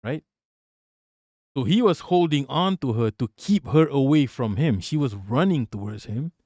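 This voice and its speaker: A man's voice: medium pitch, animated, normal speed, darkish tone, no echo, studio quality. A man commenting on a video clip during a live stream, blunt and profane, often repeating himself when worked up.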